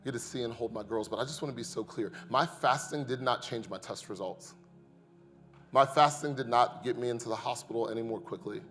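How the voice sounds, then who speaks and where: A pastor in his thirties preaching a sermon to his congregation, calling them "y'all" and moving from quiet reflection to loud, impassioned testimony. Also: mid-range voice, a little fast, long reverb tail, faint music behind. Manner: builds from hushed to loud and impassioned.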